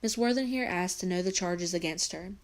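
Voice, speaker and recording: Cold, curt male mill agent, middle-aged, measured questions, as read by a woman; lowish voice. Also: close to an everyday voice. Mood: cold, probing.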